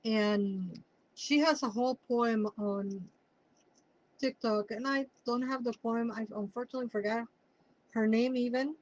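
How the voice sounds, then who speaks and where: Spanish-accented lady reading tarot cards, rambly and chatty, kinda high voice. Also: a little slow, rough recording. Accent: Mexican Spanish. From Mexico City. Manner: chatty, rambling, drifts into personal asides. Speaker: tarot reader. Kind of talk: casual tarot reading for viewers.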